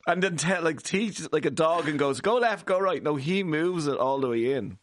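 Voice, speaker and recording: A man with an Irish accent, chatting as a guest and telling a story with lively acted-out voices. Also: on the high side, normal speed, no echo, clean studio sound. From Ireland. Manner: animated storyteller, acts out voices of others. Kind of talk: casual chat.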